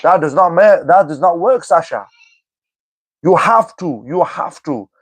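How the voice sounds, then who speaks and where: A man's voice: fairly high pitch, animated, a little slow, husky, no room sound. A man live-streaming and replying to chat comments, teasing the viewers and calling them by name over and over. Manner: teasing, repeats commenters' names, keeps saying "you know what I mean".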